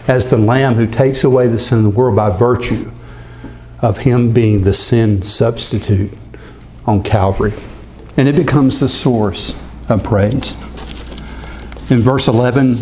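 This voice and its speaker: A man preaching a sermon as pastor, talking in a measured way and slowing down when he reads scripture aloud. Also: medium pitch, a little mellow.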